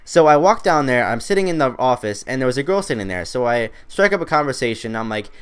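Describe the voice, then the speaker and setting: Fast-talking teenage boy telling a story. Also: medium pitch, very animated, clean tone. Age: teens. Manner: rambling, self-mocking, chatty. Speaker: gaming commentator. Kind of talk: casual gameplay commentary storytelling.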